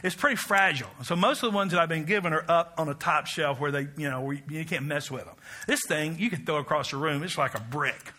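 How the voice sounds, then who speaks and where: Male pastor, middle-aged, high and very bright tone, animated self-deprecating sermon delivery. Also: fast talker, few pauses. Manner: animated storytelling, self-mocking, rising to loud exclamations.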